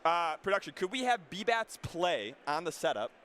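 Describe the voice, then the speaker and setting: A man's voice: high voice, sing-song, a bit bright, a little hiss or hum. A man doing casual commentary on a live stream, teasing his co-host and breaking down the players. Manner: teasing, quick banter, analytical about players. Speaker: esports commentator.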